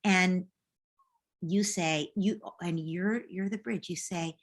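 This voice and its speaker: Low-voiced woman coaching parents. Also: slow. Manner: gentle, models calm scripts for parents. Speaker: parenting coach answering a question. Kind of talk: advice in a live Q&A.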